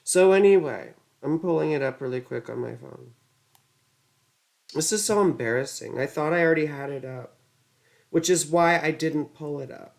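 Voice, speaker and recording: A woman's voice: deep voice, moderate pace, creaky, darkish tone. A woman astrologer giving a casual astrology lesson, easily flustered, muttering curses and wandering into rambling asides.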